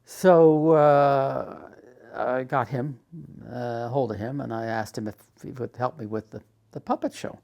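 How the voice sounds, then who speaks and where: Older guy telling an old story, gravelly voice, lots of uhs, acts out the back-and-forth. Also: medium pitch, steady tone, a little slow, a little mellow, muffled recording. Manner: rambling with many fillers, acts out quoted exchanges. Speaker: artist telling his life story. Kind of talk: spoken recollection.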